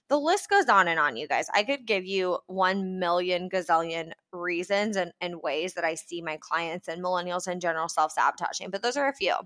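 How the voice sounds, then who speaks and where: A woman's voice: fairly low pitch, fairly bright tone. A young woman hosting a podcast, talking casually and upbeat, acting out little quoted voices as she goes. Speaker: podcast host.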